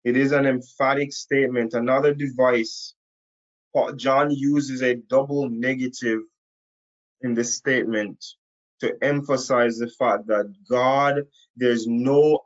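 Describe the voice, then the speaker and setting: A man teaching from the Bible to a camera in a room, slow and emphatic, repeating key phrases for weight. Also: medium pitch, dull audio. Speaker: preacher. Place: indoor room.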